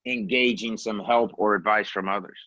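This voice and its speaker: A man's voice: on the low side, fairly even intonation, moderate pace, pushed and bright. A man in a casual roundtable chat, speaking in an affirming, matter-of-fact way, with slightly dull lo-fi audio.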